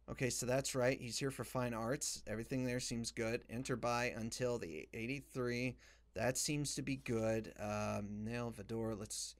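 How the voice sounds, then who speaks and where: A man's voice: medium pitch, moderate pace, a bit bright. A young man giving let's play commentary, muttering as he reads documents aloud. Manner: muttering while reading game documents aloud. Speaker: gamer.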